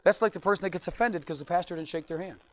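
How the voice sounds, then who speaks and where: A man's voice: sits high, rapid-fire. A man, a pastor, preaching an evening sermon and acting out churchgoers' lines in little voices. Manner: animated, acts out quoted churchgoers in voices.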